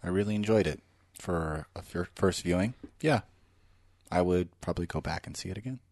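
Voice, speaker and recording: A man's voice: deep voice, a little fast, a little mellow, no echo, studio quality. A man on a casual movie podcast, laid-back and brief.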